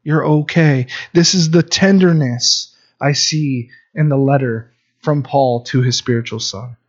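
A man's voice: mid-range voice, measured pace. A man in his thirties preaching a sermon as a pastor, earnest and conversational, with frequent restarts. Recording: dull lo-fi recording.

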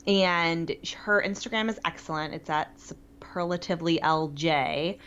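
A woman's voice: fairly low pitch, fairly even intonation, moderate pace, a bit bright, slight background noise. A woman co-hosting a podcast, chatting eagerly with lots of fillers. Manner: chatty, enthusiastic, many fillers. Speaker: podcast co-host. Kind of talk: casual chat. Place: New York. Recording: dull lo-fi sound.

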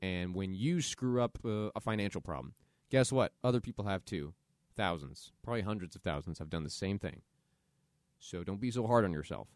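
A man's voice: deep voice, brisk, no echo, studio quality. A man hosting a solo podcast, talking earnestly and conversationally about self-compassion as motivational advice. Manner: earnest, conversational, acts out quoted inner voices. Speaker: podcast host.

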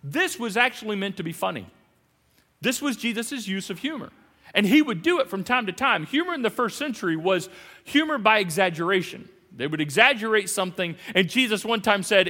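Man, pastor preaching, bright forceful tone, very lively pitch, dramatic and jokey. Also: a little fast, in a large hall. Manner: animated, dramatic swings from loud to hushed; playful, jokey asides. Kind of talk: sermon.

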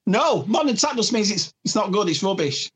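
Yorkshire guy chatting away, husky, pitch all over the place. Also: very animated, normal speed, fairly bright tone. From Northern England. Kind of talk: casual chat.

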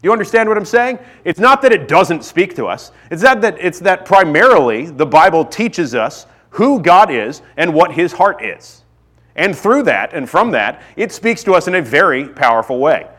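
A man's voice: on the high side, big pitch swings, normal speed, a bit bright. A man in his thirties preaching a sermon in a casual, self-deprecating way that rises to fervent pleas. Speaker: pastor. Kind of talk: sermon with personal stories.

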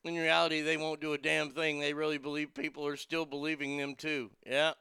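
Brash male talk host, bright smooth voice, dry close sound, profane and mocking. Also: a little high, little pitch movement, brisk, no echo. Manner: brash, profane, laughing at his own jokes; reads news items aloud and riffs on them. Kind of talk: casual political commentary.

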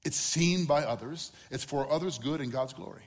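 A man's voice: on the high side, normal speed. Man preaching in a reverberant hall. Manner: conversational, acts out quotes with humor. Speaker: pastor. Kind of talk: sermon.

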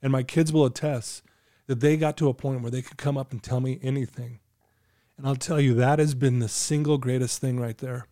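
A middle-aged man speaks in an earnest, coaching way, telling stories as a guest on a podcast. His voice is warm and mellow at a middle pitch. The sound is dry and close. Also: fairly even intonation, a little fast, no echo. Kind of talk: casual podcast chat.

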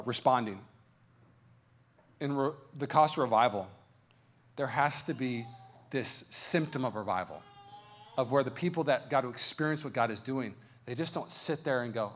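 A man preaching a sermon as pastor, telling a story and then praying with rising fervor. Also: medium pitch. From United States. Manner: storytelling, building to loud fervent prayer. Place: church sanctuary.

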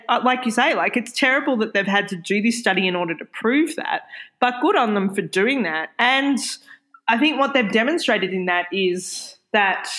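A woman in her forties from Australia, co-hosting a podcast in casual chat, talking in an animated, frank way with mild swearing. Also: a little high. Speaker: podcast co-host.

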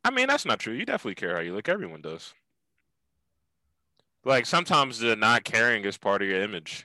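A man's voice: fairly low pitch, sing-song, fairly quick, long pauses, pushed and bright, dry recording, low-quality recording. A young man hosting a podcast in laid-back casual chat, swearing often and calling his guest dude. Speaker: podcast host.

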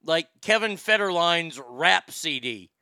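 A man's voice: on the high side, expressive, measured pace, bright, forceful tone, clean tone, no room sound, clean studio sound. A middle-aged man hosting a show, reading listener mail in a blunt, profane, rambling way. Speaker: host.

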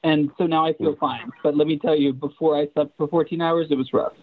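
A man co-hosting a casual podcast, telling stories in a deadpan way. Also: on the high side, brisk, phone-quality sound. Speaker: podcast co-host. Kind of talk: casual chat.

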